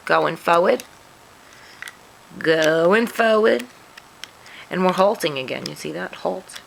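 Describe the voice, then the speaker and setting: A woman's voice: lowish voice, lively intonation, takes it slowly, vocal fry, slight background noise, rough recording. A woman hosting a craft tutorial, walking through each step in a chatty, self-deprecating way while sniffling. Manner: chatty, self-deprecating, talks through her hands-on work.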